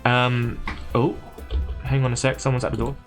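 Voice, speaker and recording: A man livestreaming, casually recapping a video game plot in a hurried, rambling way. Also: medium pitch, flat delivery, faint music behind.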